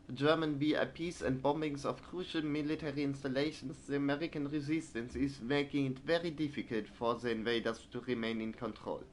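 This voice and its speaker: A man's voice: medium pitch, slight background noise. A man streaming a video game, reading in-game newspapers aloud and breaking off into hesitant, filler-laden asides. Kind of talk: let's play, reading game text aloud.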